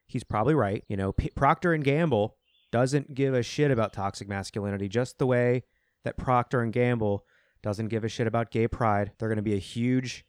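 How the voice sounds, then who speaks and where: A man's voice: medium pitch, fairly quick, no echo, clean studio sound. A man hosting a political commentary show, ranting in a heated, sarcastic and profane way. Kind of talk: ranting solo podcast commentary.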